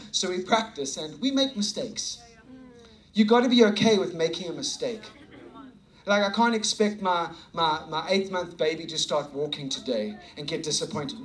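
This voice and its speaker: Man, young, preacher, high voice, animated storytelling, acts out dialogue. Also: normal speed, low-quality recording. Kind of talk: sermon storytelling.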